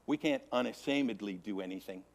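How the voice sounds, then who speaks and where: A man teaching Sunday school, preaching with a repetitive, emphatic cadence and dramatic swings from hushed to loud. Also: lowish voice, brisk. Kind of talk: Bible teaching to a congregation.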